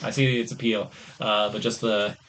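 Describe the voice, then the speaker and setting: A man's voice: lowish voice, flat delivery, normal speed, fairly bright tone, slight background noise. A young man co-hosting a podcast, chatting casually about movies in a rambling way, filling his sentences with "like". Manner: rambling, heavy use of "like". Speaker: podcast co-host.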